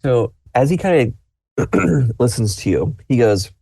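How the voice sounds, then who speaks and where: A man's voice: mid-range voice, lively intonation, brisk, creaky, warm tone, husky, no room sound, clean studio sound. A man running a tabletop game as game master, narrating in a rambling way with many fillers. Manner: rambling, filler-heavy, laughs often.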